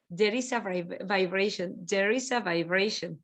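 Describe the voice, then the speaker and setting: A woman's voice: mid-range voice, moderate pace, hardly any pauses, lo-fi sound. A woman teaching English pronunciation in an online class, repeating each word several times for her students over a video call.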